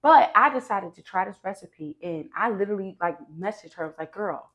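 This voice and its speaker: A woman hosting her own cooking vlog, talking straight to viewers in a lively, emphatic and chatty way, with slangy asides. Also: mid-range voice, a little fast. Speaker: cooking show host.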